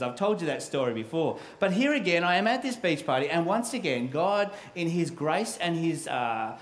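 A man's voice: fairly high pitch, roomy sound, rough recording. A middle-aged man preaching a sermon as a pastor, telling a personal story in a candid, self-deprecating way.

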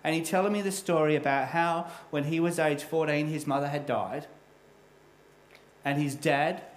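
A man's voice: a little high, steady tone, moderate pace, echoey room, low-quality recording. A middle-aged man preaching a sermon as a pastor, telling a personal story in a candid, self-deprecating way.

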